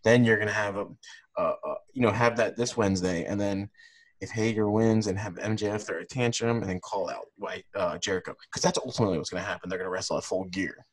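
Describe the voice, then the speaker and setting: Chill podcast guy, kinda low voice, rambles with likes and ums. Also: steady tone, quick pace. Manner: laid-back, rambling with many fillers. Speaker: podcast co-host. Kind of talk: casual chat.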